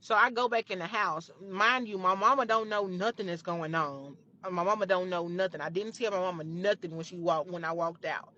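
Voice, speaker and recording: A woman's voice: lowish voice, brisk, hardly any pauses, pushed and bright, highs cut off. A young woman telling a story from her own life, emphatic and profane, often repeating her phrases. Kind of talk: storytime retelling.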